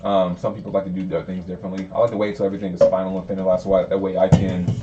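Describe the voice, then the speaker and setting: A man's voice: low-pitched, level tone, lo-fi sound, heavy background noise. A young man from the US South, a cook chatting casually and swearing freely as he explains his cooking. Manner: rapid, profane, laid-back. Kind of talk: casual chat while cooking. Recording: distant mic with faint room ambience.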